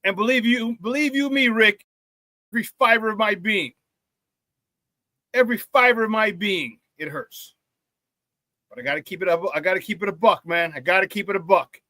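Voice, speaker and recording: A man's voice: high-pitched, moderate pace, pauses often, no room sound. A man hosting a casual sports talk show, reading the live chat aloud and repeating himself as he talks. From Chicago area. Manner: animated, repeats himself, laughs often. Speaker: sports talk radio host.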